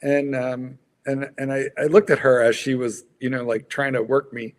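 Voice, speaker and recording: A man's voice: medium pitch, little pitch movement, moderate pace. A man hosting a livestream, a playful, teasing storyteller in casual chat. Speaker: host.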